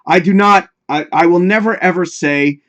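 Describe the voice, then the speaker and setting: A man's voice: high voice, moderate pace, a bit bright. A man hosting a live talk show in casual, rambling chat, swearing freely and talking straight to his viewers.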